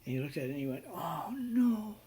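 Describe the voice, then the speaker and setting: A man's voice: medium pitch, completely flat delivery, very fast, mellow, breathy edge. A middle-aged man teaching business law in a recorded lecture, telling stories in a conversational way with many fillers.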